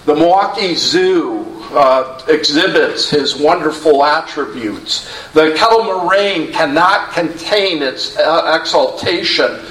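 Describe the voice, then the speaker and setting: Slow, earnest preacher. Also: male voice, a little high, lively intonation, a bit bright. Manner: measured, earnest, asks the congregation questions. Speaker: pastor. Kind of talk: sermon. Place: church sanctuary. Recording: roomy echo, distant mic, faint hum.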